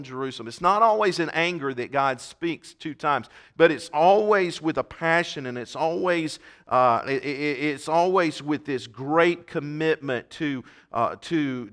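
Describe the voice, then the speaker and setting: Emphatic bright-voiced male preacher. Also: fairly high pitch. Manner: emphatic, swells loud on key points, repeats words. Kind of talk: sermon.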